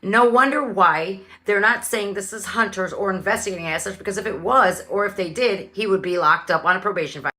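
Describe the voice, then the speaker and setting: A woman's voice: medium pitch, fairly quick, hardly any pauses, bright, forceful tone. A woman in a played clip explaining a legal point in a matter-of-fact, point-by-point way. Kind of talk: explanatory commentary.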